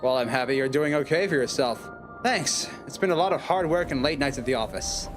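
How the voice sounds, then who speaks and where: A man voicing a dry, unflappable detective in a game, speaking deadpan. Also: medium pitch, fairly quick, over music, voice pushed down, close to an everyday voice.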